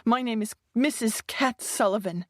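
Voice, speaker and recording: Read by a woman, a shrill, tearful mother snaps back at her questioners in a voice pushed well above the narrator's own. The sound is close and dry. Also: normal speed, no room sound, natural voice. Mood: furious. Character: distraught mother under interrogation, woman.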